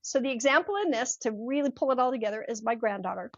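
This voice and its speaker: A woman's voice: fairly high pitch, fast, dry recording, lo-fi sound. An older woman, a mindset coach, telling a personal story in an interview and acting out the voices in it. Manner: animated, acts out voices in her stories. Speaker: podcast guest, mindset coach.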